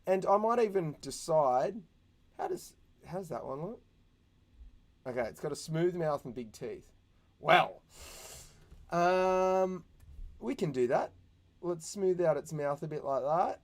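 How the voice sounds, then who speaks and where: A young man teaching animation in a casual, chatty way, thinking out loud and making little sound effects as he works. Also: fairly high pitch, lively intonation, takes it slowly, pauses often. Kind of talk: casual screen-recorded tutorial.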